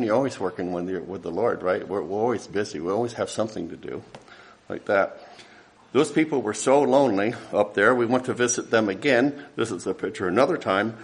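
Low-voiced man telling ministry stories. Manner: rambling storytelling with restarts and chuckles. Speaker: missionary giving a ministry update. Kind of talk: casual slideshow talk.

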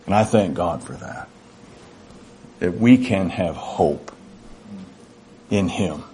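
A man's voice: low-pitched, lively intonation, slow, dark tone, a little hiss or hum. A middle-aged man preaching a sermon in an earnest, conversational way, acting out little dialogues. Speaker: pastor.

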